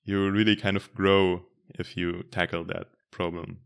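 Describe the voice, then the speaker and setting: Very deep-voiced man chatting earnestly. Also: little pitch movement, unhurried, vocal fry, smooth. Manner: reflective, earnest, uses fillers like "like" and "uh". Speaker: conversation partner. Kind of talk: casual chat.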